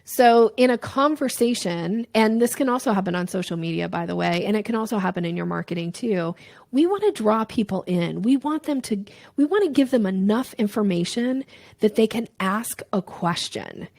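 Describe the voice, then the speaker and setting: A woman's voice: medium pitch, moderate pace, gravelly, no room sound. A woman, a sales coach, explaining her method in a conversational interview and acting out short examples in playful voices. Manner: animated, acts out little voices and examples.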